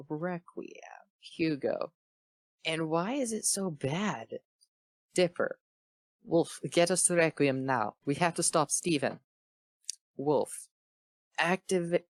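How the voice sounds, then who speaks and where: A man reading a fanfiction aloud for a comedy show, slipping in quick character voices and breaking off to joke. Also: on the high side, lively intonation, dry recording. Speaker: fanfiction reader. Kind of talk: comedic dramatic reading with commentary.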